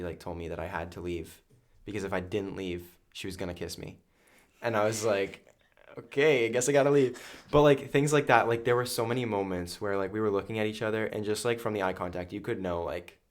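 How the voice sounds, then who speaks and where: A young man with a notably deep, low-pitched voice chats casually as a podcast guest. He rambles earnestly, leaning on fillers as he tells his story. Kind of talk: casual chat.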